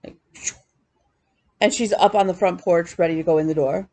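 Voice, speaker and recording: Woman, cross-stitch vlogger, casual chat, animated storyteller, fry in the voice. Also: fairly low pitch, normal speed. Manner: chatty, animated storytelling with laughs.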